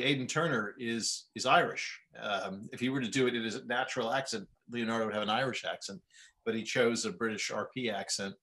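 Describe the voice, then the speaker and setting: A man who creates historical drama series, explaining his choices in a lively way and laughing easily. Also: medium pitch. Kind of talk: interview answers.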